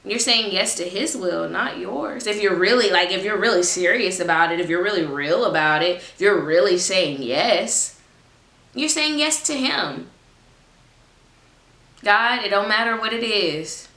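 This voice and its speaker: A woman in her twenties giving a casual, expressive faith talk as a Christian vlogger, chatty and informal. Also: lowish voice, moderate pace, echoey room. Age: 20s. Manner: expressive, acts out her own prayers; informal, chatty, laughs often.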